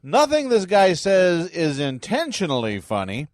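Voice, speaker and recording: A man's voice: high voice, huge pitch swings, a little slow, a little mellow, no room sound, studio quality. Sarcastic man hosting a political podcast. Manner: sarcastic, mocking. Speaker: podcast host.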